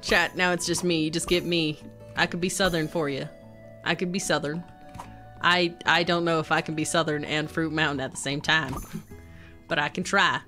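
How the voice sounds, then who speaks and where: A woman streamer putting on a low, slow, drawling Southern voice as a joke. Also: bright, forceful tone, soft background music. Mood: playful drawl.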